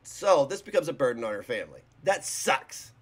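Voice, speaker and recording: Animated, blunt male reaction host. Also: medium pitch, normal speed. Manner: animated, rambling, blunt and mocking. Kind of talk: casual reaction commentary.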